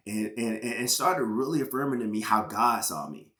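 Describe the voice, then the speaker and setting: A man from Georgia, a former pro football player, sharing a personal testimony as a podcast guest with earnest, halting emotional storytelling. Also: on the low side, lively intonation, a bit bright, echoey room. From Georgia, USA.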